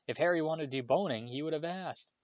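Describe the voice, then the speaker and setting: A clever, earnest teenage girl from a storybook, as a male reader puts her on. She is matter-of-fact and quick to defend. The recording is close, dry and somewhat dull. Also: on the high side, dry recording, voice pushed up, natural voice. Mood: defensive.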